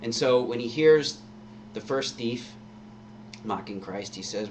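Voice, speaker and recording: A man's voice: mid-range voice, slow, darkish tone, slight background noise. Male pastor preaching from a distant mic. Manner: conversational preaching with rhetorical questions. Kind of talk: sermon. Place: church service, live-streamed.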